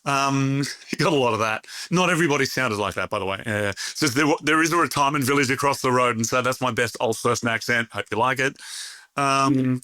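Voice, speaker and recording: A middle-aged man in casual conversation, bright and forward in tone, his pitch sitting mid-range. He tells stories in a chatty, animated way, stumbling over restarts. The sound is close and dry. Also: fairly quick, no echo. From Australia. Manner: chatty, animated storyteller with frequent laughs and restarts. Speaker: interview guest, bakery owner. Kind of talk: conversational interview.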